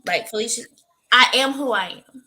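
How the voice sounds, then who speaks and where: Female co-host, bright slightly high voice, emphatic casual storyteller. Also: moderate pace, poor audio. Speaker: podcast co-host. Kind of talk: casual chat.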